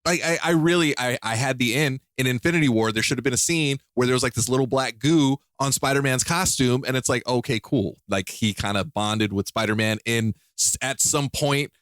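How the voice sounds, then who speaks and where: Podcast co-host, male, mid voice, eager and halting, recorded dry and close. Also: mid-range voice, clean tone, dry recording. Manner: excitable, stammering restarts. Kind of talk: casual chat.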